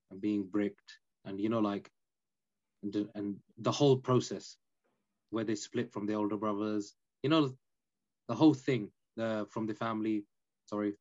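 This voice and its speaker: A man, a podcast guest telling his story in an animated, emphatic casual way. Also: on the low side, highs cut off. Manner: animated, emphatic, peppered with "innit" and "you know".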